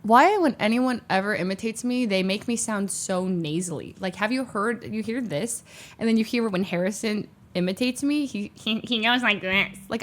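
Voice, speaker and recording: A woman chatting casually, laughing and protesting, with quick rambling asides. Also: medium pitch. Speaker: streamer reacting. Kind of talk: casual chat.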